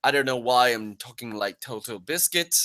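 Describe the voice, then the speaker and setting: A man's voice: mid-range voice, animated, moderate pace, bright, forceful tone, no echo. A man hosting a casual live-stream podcast, with a loose, rambling, jokey way of talking into a close desk mic. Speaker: podcast host.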